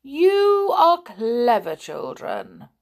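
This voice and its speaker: A woman voicing a simple-minded male creature chief who grumbles and sounds slow and puzzled. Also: on the high side, wildly swooping pitch, voice pushed up, heavily acted.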